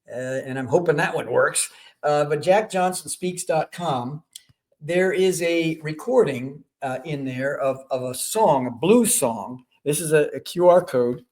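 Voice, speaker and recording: A man's voice: fairly high pitch, darkish tone. Rambling male radio host. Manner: rambling, self-interrupting promotion. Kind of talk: radio talk show.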